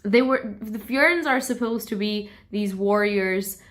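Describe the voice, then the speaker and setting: A woman's voice: mid-range voice, a little slow, fairly bright tone. A young woman book vlogger in a casual, emotional reaction vlog, gushing and swearing freely.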